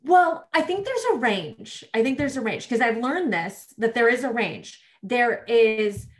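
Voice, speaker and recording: Animated woman telling career stories. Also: on the high side, a little slow. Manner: animated storyteller, acts out quoted voices, frequent "like". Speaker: podcast guest. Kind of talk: casual interview storytelling.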